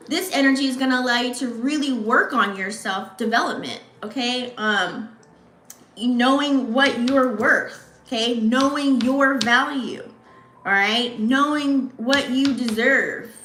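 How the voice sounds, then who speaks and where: A woman hosts a casual astrology reading, chatty and full of slang as she talks right to her viewers. Her voice sits a little high and rings bright. The room around her is echoey. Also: a little slow, a little hiss or hum. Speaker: astrology channel host.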